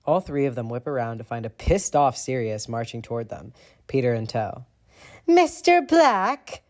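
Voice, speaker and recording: A man narrating a fan fiction audiobook in an expressive, steady storytelling voice. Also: mid-range voice, a little fast. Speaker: audiobook reader.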